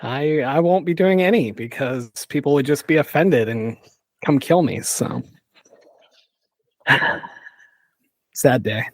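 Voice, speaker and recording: A man's voice: medium pitch, slow pace, long pauses, dry recording. A man hosting a podcast, chatting casually in an enthusiastic, joking way. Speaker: podcast host. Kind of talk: casual chat.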